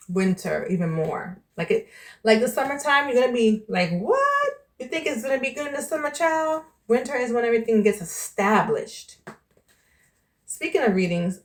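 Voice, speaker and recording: A woman from New York, a vlogger and tarot reader, chatting casually to the camera in a candid way and calling the viewer "child" and "baby". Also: medium pitch.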